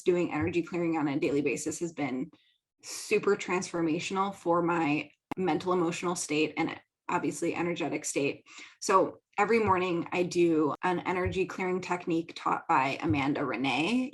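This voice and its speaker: A chatty young woman from the Midwest talks through her own solo podcast. Her voice sits a little low for a woman. She laughs easily and fills her sentences with "like". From American Midwest. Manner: chatty, laughs often, says "like" a lot. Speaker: podcast host and business coach. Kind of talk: casual solo talk.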